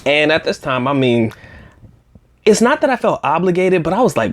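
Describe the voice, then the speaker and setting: Animated, profane male storyteller. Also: on the high side, fairly quick. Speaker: vlog host. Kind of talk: storytime vlog.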